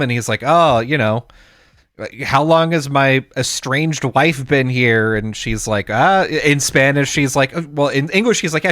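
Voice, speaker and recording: A man's voice: mid-range voice, a bit bright, dry recording, clean studio sound. A man co-hosting a podcast, chatting casually, rambling with fillers and restarts and acting out the people he quotes. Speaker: podcast co-host. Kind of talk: casual chat.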